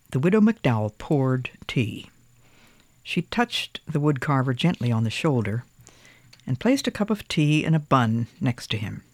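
A storyteller reading a picture book aloud in a gentle, expressive way. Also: medium pitch, no echo.

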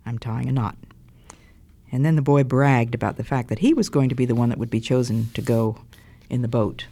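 A storyteller reading a children's tale aloud and then asking the listeners about its lesson in an animated, questioning way. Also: medium pitch, a little fast.

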